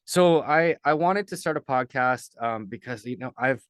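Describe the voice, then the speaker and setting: A man's voice: medium pitch, animated, normal speed, smooth, no room sound. A man talking as a podcast guest, telling a personal story in an earnest, rambling way with lots of fillers. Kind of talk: casual storytelling in a podcast interview.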